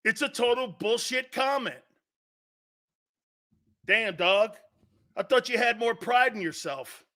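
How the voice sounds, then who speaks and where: A man's voice: extremely high pitch, lively intonation, slow, pauses often, bright, forceful tone. A middle-aged man hosting a sports talk show, ranting bluntly and profanely, repeating his point over and over. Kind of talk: opinionated sports talk rant.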